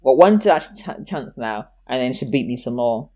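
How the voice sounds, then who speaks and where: A woman chatting casually, telling a childhood story. She slips into the voices of the people in her tale and often breaks into laughter. Her delivery is lively and expressive. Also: a bass voice, moderate pace, slightly rough.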